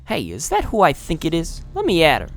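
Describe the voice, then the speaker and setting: A man's voice: fairly high pitch, wildly swooping pitch, brisk, voice pushed up. A man voicing a cocky, hot-headed young male adventurer in a game. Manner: cocky, picks fights.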